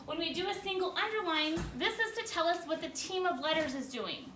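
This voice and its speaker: A woman teacher leading a spelling lesson for a class, energetic, often stopping to check in with questions. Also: extremely high pitch, fairly quick, slight background noise. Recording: echoey room, far from the mic.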